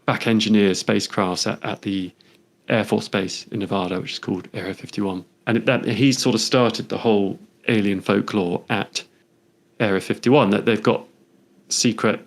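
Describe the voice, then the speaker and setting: A man with a somewhat low voice speaks in a relaxed, conversational interview. He is a photographer who reflects on his pictures, wandering from thought to thought and thinking aloud. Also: normal speed, creaky.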